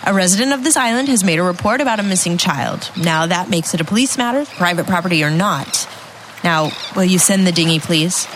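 A woman's voice: on the low side, lively intonation, brisk, a bit bright, a little hiss or hum. A woman with a Midwestern accent voicing a frustrated police constable in a comedy sketch. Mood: exasperated. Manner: pleading and exasperated.

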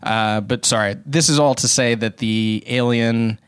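A man's voice: medium pitch, unhurried, clear, resonant tone, no echo. A man co-hosting a casual film review podcast, rambling and restarting his sentences as he talks. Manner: rambling, self-correcting, animated asides. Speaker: podcast co-host.

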